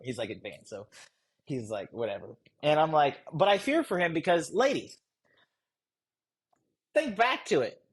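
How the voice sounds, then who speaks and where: Male coach, high husky voice; loose joking delivery to a live group, animated. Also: low-quality recording. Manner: rambling, joking, chuckles often; animated, rises high when mocking. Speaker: sales coach leading a training program.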